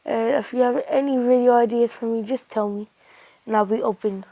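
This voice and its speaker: A young woman casually retelling a fan story as a channel host, rambling and halting with many fillers and restarts. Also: a little high, steady tone, dark tone, highs cut off.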